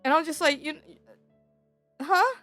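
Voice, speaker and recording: A high-voiced young woman telling a story in a relaxed chat, laughing often as she acts out each scene. Her voice sits close and dry on the mic. Soft music plays faintly underneath. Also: a little slow, dry recording.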